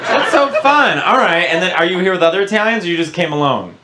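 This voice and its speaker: A male stand-up comedian works the crowd, teasing and laughing as he goes. His voice sits a little high, and loud noise runs under the recording. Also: big pitch swings. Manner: teasing, quick, laughs often.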